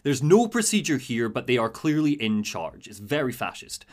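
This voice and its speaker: Animated man recapping a game story. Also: mid-range voice, normal speed. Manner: animated, jokey, swears. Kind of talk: casual chat, storytelling recap.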